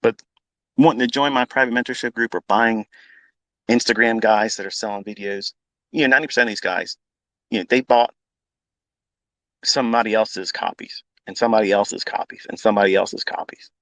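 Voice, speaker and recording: A man's voice: fairly low pitch, fairly quick, long pauses, fairly bright tone, dry recording, poor audio. A man talking off the cuff as a trading educator, blunt and combative, swearing freely and repeating himself for emphasis. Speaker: trading educator on a live audio space. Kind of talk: unscripted profane rant.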